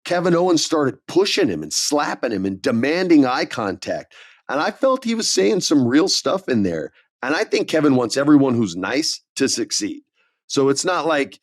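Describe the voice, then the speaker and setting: A man co-hosting a wrestling podcast, telling stories in a casual, animated way and acting out quotes. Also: medium pitch, normal speed, no echo, clean studio sound. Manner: animated storyteller, acts out quotes. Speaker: podcast co-host.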